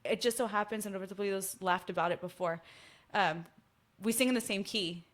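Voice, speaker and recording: A woman tells a story in casual conversation, her voice sitting at an ordinary middle pitch. She talks animatedly and acts out the quoted lines of the people in her story. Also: fairly even intonation, brisk, fairly bright tone. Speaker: guest musician. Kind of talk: casual chat.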